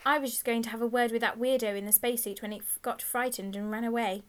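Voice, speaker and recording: A woman's voice: a little high, steady tone, quick pace, a bit bright, lightly acted. Woman voicing a bossy thuggish schoolboy, Ringo. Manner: bossy, defiant, blustering. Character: boastful thuggish schoolboy gang leader, bossy. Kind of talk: audiobook character voice.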